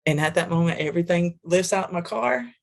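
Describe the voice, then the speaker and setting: Gravelly woman telling a heartfelt story. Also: fairly low pitch, a little fast. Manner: vivid, repetitive, emphatic storytelling. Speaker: guest, trucking wellness business owner. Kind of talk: emotional storytelling in a podcast interview.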